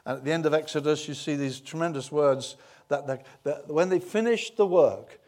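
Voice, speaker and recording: A man preaching a sermon, retelling a story with swings from quiet to loud and many restarts. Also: on the high side, normal speed.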